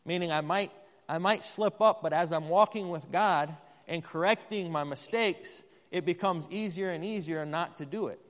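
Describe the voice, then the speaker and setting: A man's voice: a little high, moderate pace, a bit bright. A man preaching a sermon in a church, talking conversationally and putting questions to the congregation. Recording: long hall reverb.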